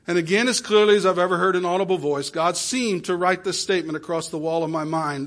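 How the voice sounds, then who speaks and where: A man with a high voice preaches through an emotional story told in the first person. His delivery swings between soft, pleading passages and loud exclamations. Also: fairly even intonation, quick pace, hardly any pauses. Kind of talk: sermon storytelling.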